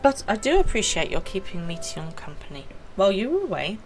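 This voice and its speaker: A woman reading a calm formal scholar man. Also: mid-range voice, brisk, soft background music, natural voice, low-quality recording. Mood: composed.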